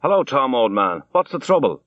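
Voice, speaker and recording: A man voicing a tall, brisk gentleman who greets a friend heartily and takes charge with easy assurance. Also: mid-range voice, very animated, no echo, narrow, tinny audio, pitched above the performer's own voice, lightly acted. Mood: hearty.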